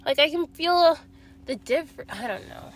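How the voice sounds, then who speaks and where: A woman's voice: sits high, lively intonation, measured pace. A young woman vlogging about her breakup, sad and emotional, rambling and swearing as she talks to her viewers. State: sad, near tears. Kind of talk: confessional vlog.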